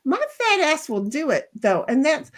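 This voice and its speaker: A woman's voice: high-pitched, very animated, measured pace. A woman hosting a casual livestream chat, playful and talkative, often repeating her words. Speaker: host. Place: home livestream.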